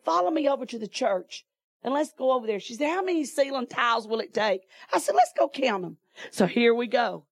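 A woman preacher tells a story from the pulpit in a folksy way, often breaking into laughter. Her voice sits fairly high for a woman. The recording is close and dry, with no room echo. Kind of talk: sermon testimony.

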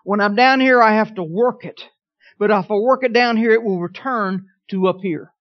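A man preaching a sermon, telling a personal story in a folksy way, swinging from quiet asides to emphatic declarations. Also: sits high, normal speed, dull audio. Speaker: pastor.

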